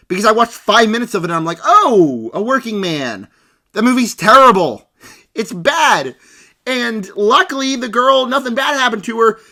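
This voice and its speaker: A man's voice: high voice, sharp tone. A man ranting through a casual movie review with a sarcastic, exaggerated delivery.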